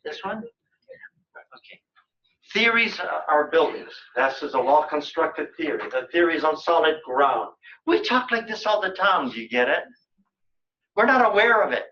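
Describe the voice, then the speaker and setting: An older man lectures in a room, telling anecdotes with a joking, chatty ease. His voice sits a little high and rings bright. The recording is dull and lo-fi. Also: huge pitch swings, unhurried. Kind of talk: colloquium lecture.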